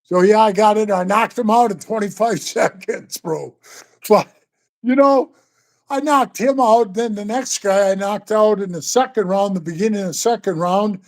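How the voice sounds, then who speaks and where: A man in his sixties telling stories in a casual chat, animated and profane, calling the host bro and man all the time. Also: high voice, normal speed. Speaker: guest storyteller. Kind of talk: casual storytelling.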